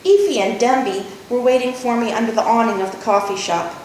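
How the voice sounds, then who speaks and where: A woman author reading her novel aloud in measured first-person narration. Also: a little mellow, distant mic. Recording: echoey room, faint rumble.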